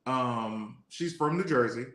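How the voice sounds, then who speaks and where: A man's voice: medium pitch, slow, bright, forceful tone. A man from Detroit co-hosting a casual live-streamed podcast, easygoing and rambling as he tells stories. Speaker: podcast co-host. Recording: echoey room.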